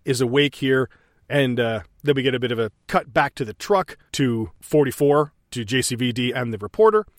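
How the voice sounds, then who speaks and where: A man's voice: medium pitch, normal speed, no echo, studio quality. A man co-hosting a casual movie podcast, laughing often and swearing as he retells and acts out scenes. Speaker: podcast co-host. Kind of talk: casual movie commentary chat.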